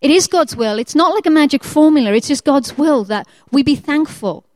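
A woman preaching a sermon, lively and conversational, who acts out the prayers of the people she talks about. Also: high-pitched, a little fast, no echo. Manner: lively, acts out quoted prayers in changing voices.

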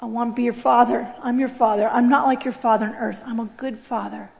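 A soft, tender, fatherly divine voice, as a woman puts it on speaks quietly and kindly. The long reverb of a hall hangs around it. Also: fairly high pitch, steady tone, a little fast, gravelly. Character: gentle, fatherly God speaking softly.

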